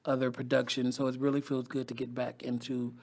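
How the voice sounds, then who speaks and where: A young man co-hosting a comedy podcast, telling stories in a lively way and laughing often. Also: medium pitch, brisk, vocal fry. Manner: animated storyteller, laughs often. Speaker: podcast co-host. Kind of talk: casual comedic chat.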